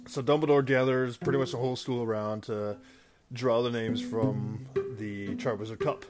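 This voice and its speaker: Man, casual movie recap host, rambling delivery, mid pitch, guitar music behind. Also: fairly even intonation, normal speed. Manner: rambling, many fillers and restarts, laughs at own stumbles. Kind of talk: casual retelling.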